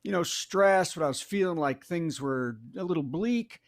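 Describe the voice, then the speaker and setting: A man's voice: fairly high pitch, normal speed, dry recording. A man in his fifties, a comedian doing a stand-up storytelling bit and acting out the voices in it. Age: 50s.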